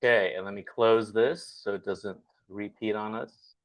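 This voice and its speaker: A man hosting a casual livestream talk show, talking in a relaxed, conversational way. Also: on the low side, normal speed, low-quality recording. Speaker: host.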